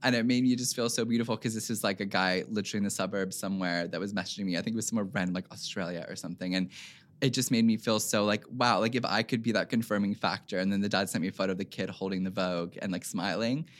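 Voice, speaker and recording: A man's voice: on the low side, fairly even intonation, fast. A young man, a fashion designer guest on a podcast, telling a moving story with lots of fillers and fighting back tears. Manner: gushing, filler-heavy, near tears. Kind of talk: emotional conversational storytelling.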